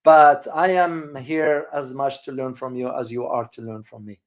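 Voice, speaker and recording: A channel host and geopolitical commentator runs a casual live-stream, speaking emphatically to viewers in a steady, medium-pitched voice. He repeats words for stress and pauses often, hesitating.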